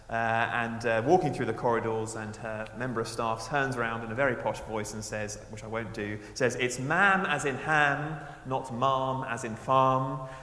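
A man preaching a sermon, swinging between raised emphasis and quiet, hushed asides. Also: mid-range voice, reverberant, in a large hall.

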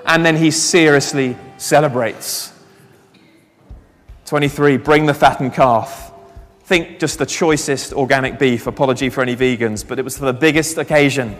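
Preacher in an echoing hall. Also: male voice, medium pitch, moderate pace. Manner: animated storytelling, reads scripture aloud, asks the congregation questions. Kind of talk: sermon. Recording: long reverb of a large hall.

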